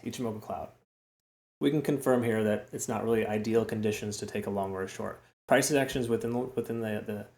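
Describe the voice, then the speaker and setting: A man with a low, gravelly, darkish voice hosts a casual crypto chart analysis, recorded with a roomy echo. As a crypto trading host he's chatty and repetitive, often ending lines with "okay?" and "right?".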